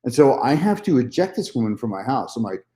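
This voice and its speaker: A man's voice: mid-range voice, big pitch swings, a little fast, warm tone, reverberant. A man telling a personal story in a casual vlog monologue, candid and repetitive, swearing freely. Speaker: vlogger.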